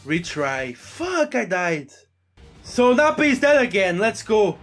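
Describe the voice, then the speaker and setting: Man gaming, very high voice, slow-spoken, swears and yells, game music behind. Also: sing-song. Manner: frustrated, swears often, loud outbursts. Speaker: gaming video creator. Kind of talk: let's play commentary.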